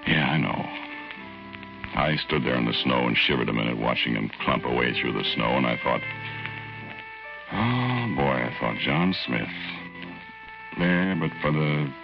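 A gravelly, very deep folksy narrator. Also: male voice, exaggerated voice. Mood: reminiscing. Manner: relaxed, folksy storytelling, drawn-out asides. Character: folksy everyday man telling his own story, easygoing. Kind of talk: 1940s radio acting. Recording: muffled old radio recording with music underneath.

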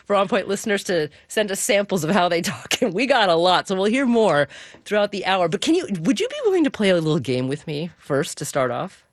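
A woman hosting a radio talk show, speaking in an articulate, expressive way from a studio. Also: medium pitch, brisk, dry recording. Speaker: radio host.

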